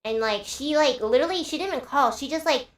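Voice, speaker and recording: A woman's voice: high voice, fast. A young woman streamer in casual chat, telling stories animatedly and swearing freely. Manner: animated storytelling, swears, acts out quotes. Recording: roomy echo, faint music.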